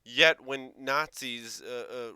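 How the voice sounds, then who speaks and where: Sarcastic man with a bright crisp voice. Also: medium pitch, takes it slowly, no echo, studio quality. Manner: sarcastic, swearing, mocking quotes. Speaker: reaction video host. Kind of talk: casual reaction commentary.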